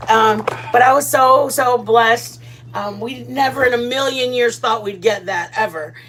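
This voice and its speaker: A woman's voice: a little high, measured pace, a bit bright, a little hiss or hum. A woman hosting a casual live cooking stream, gushing and chatty as she talks to viewers. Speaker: channel host.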